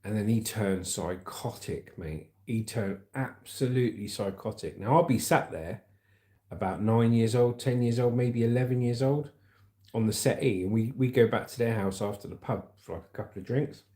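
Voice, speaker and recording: A man's voice: lowish voice, moderate pace, dark tone. Chatty man in an echoey room. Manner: chatty, rambling, calls viewers "mate". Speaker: livestream news host. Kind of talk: casual livestream chat and news reading.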